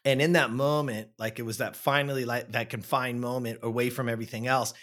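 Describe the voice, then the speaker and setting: A man in his forties, with a medium-pitched voice and a fairly quick pace, tells a personal story in casual chat. He's animated, repeats words, and acts out what people said.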